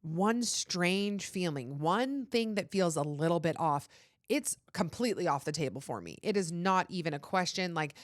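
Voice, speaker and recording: A woman hosting a podcast talks in a loose, candid ramble, her voice sitting a little low. The sound is close and dry, with no room around it. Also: expressive, moderate pace, no room sound. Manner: candid, rambling, heavy use of "like". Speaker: podcast host. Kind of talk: casual chat.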